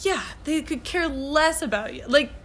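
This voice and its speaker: Podcast co-host, 30s woman, bubbly storyteller, voice sits a bit high. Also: normal speed, fairly bright tone, a little hiss or hum. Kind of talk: casual chat.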